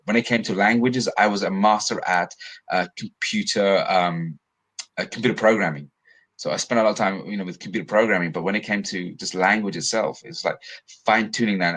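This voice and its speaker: A man's voice: low-pitched, fairly bright tone, low-quality recording. A male coach, a guest on a webinar, explaining ideas earnestly on a video call and often restarting phrases.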